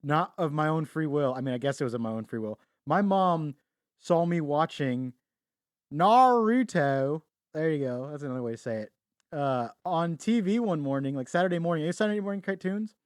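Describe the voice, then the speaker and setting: A man's voice: a little high, fairly quick, darkish tone, no room sound, clean studio sound. A young man co-hosting a podcast, talking casually, joking, laughing and swearing. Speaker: podcast co-host. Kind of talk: casual chat.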